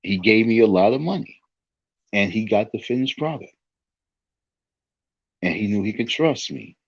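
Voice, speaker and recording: A man's voice: fairly low pitch, animated, normal speed, dry recording, muffled recording. A man telling a rambling story in a casual monologue, often restarting his sentences. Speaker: online talk show host.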